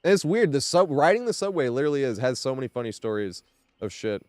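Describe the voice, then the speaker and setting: A man's voice: mid-range voice, sing-song, fast talker, no echo. A young man streaming a game, telling rambling stories in casual chat, laughing often and swearing freely. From New York area.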